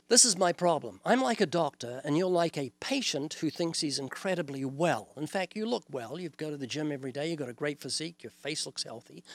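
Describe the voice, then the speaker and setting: A man's voice: on the high side, no room sound. An older man with a New Zealand accent, a guest on an interview show, explaining his message earnestly and acting out little dialogues as he goes. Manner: earnest, illustrative, quotes scripture and acts out dialogues. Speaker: evangelist guest. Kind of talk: preaching in an interview.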